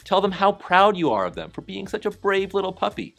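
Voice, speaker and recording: Male voice-over for a training video: calm and encouraging, lively in pitch, soft music underneath. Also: brisk, vocal fry. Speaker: dog trainer narrating a lesson. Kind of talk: scripted voice-over narration.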